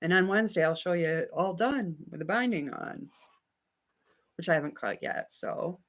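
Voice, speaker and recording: A woman's voice: fairly low pitch, lively intonation, normal speed. A woman hosting a casual quilting livestream from her home sewing room, chatting with viewers about their comments and talking to her dog.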